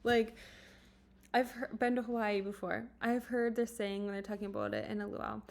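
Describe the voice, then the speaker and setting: A woman vlogger sharing a personal story in an earnest, emotional way, speaking softly and haltingly with many fillers. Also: fairly high pitch, lively intonation, gravelly. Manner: soft-spoken, halting, full of fillers and restarts; earnest and emotional, at times dropping to a whisper.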